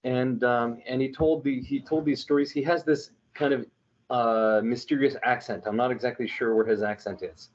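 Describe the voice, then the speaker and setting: A man's voice: medium pitch, steady tone, normal speed, lo-fi sound. A man from New Mexico who works as a storyteller, chatting earnestly and with animation in long, winding anecdotes full of restarts. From New Mexico, United States. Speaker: storyteller for an online religious media group. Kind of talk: casual conversational storytelling.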